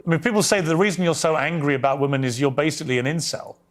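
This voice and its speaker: Man, interviewer, confrontational questioning, pointed, slightly higher voice. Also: rapid-fire.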